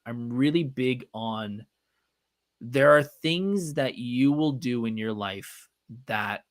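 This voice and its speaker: A man's voice: mid-range voice, dry recording. Earnest man hosting a podcast. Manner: earnest, retells with quoted dialogue. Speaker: podcast host. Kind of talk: live-streamed storytelling monologue. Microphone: desk microphone, live stream.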